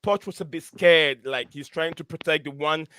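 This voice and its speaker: A man hosting a live football review show, excitable and fond of shout-outs and repeating names. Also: a little high, moderate pace, clear, resonant tone, dry recording, clean studio sound. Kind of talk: live fan call-in chat.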